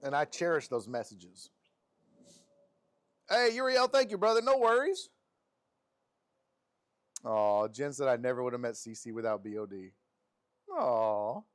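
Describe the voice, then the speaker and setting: Animated male streamer reading viewer messages. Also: unhurried, pauses often. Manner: animated and affectionate, with frequent laughs and pitch jumps. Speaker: sports streamer and host.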